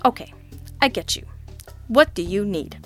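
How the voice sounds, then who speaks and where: A woman voicing a nervous, whiny little man who is a small-time informant in a storybook reading, raising her voice high for him. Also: lively intonation, moderate pace, soft background music, close to an everyday voice. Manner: whining, flustered, eager to please.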